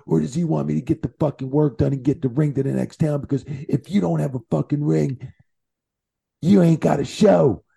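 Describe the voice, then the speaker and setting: A man's voice: on the high side, normal speed, gravelly, warm tone, husky, voice pushed up, exaggerated voice. A man putting on the voice of a heated crew worker who swears as he defends himself while telling a story. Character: angry grown man, a ring crew worker scolding.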